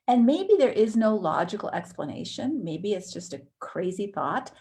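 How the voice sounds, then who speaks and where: A woman teaching a counseling course in a conversational way, acting out inner thoughts with sudden jumps in pitch. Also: big pitch swings, moderate pace, few pauses, dark tone.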